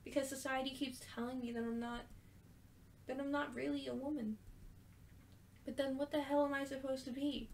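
A woman reading as a weary, gentle young woman. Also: high voice, steady tone, moderate pace, long pauses, a little hiss or hum. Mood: upset.

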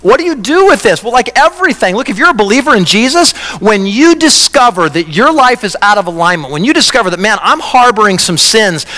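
A man's voice: very high-pitched, big pitch swings, quick pace, hardly any pauses, sharp tone, big-room sound. A male pastor preaching a sermon in a church, emphatic and impassioned, asking rhetorical questions. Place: church sanctuary.

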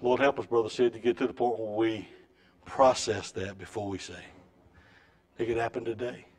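A middle-aged man preaching a sermon in a church, with a folksy storytelling way that swings between loud and soft. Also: lowish voice, fairly even intonation, normal speed. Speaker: pastor. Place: church sanctuary.

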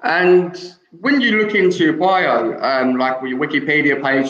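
A young man hosting a live show, asking interview questions in a measured, friendly way. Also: mid-range voice, a bit bright, reverberant, muffled recording. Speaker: host.

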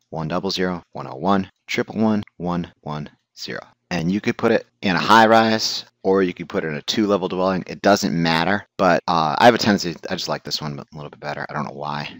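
A man's voice: deep voice, fairly bright tone, dry recording. A male instructor giving a recorded lecture, blunt and joking, who asks questions and then answers them.

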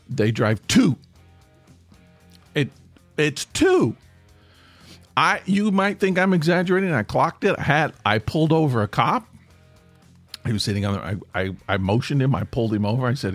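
A man hosting a casual solo podcast, hoarse with his voice nearly gone, rambling and grumpy in a joking way. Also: mid-range voice, lively intonation, normal speed, pauses often, no room sound, soft background music. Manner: rambling, self-interrupting, grumpy humor. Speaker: podcast host. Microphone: podcast microphone.

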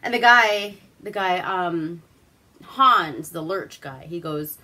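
A woman's voice: lowish voice, expressive, takes it slowly, pushed and bright. A woman from Alaska hosting a casual movie review, rambling through the plot with crude, swearing humor.

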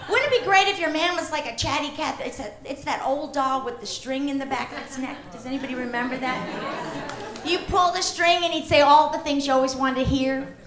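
A woman doing stand-up comedy on a club stage, chatty and punchy, with a funny high voice. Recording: echoey club with crowd laughter.

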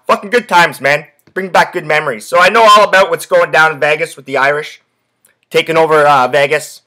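A man's voice: on the high side, fairly quick, bright, forceful tone. A young man hosting a sports podcast, telling a rambling story packed with swearing and fillers. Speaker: podcast host. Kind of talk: casual sports podcast chat.

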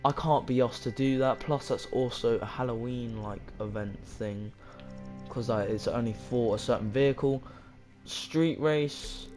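Excitable young man narrating a racing game. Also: medium pitch. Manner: rambling, self-mocking, excitable bursts. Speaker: gaming video creator. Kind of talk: casual gameplay commentary.

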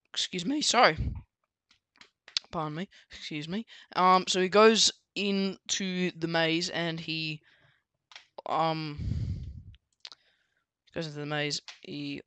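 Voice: medium pitch, steady tone, takes it slowly, pauses often, pushed and bright, clear, resonant tone, no room sound. A book reviewer casually recapping a story, rambling with many fillers and restarts.

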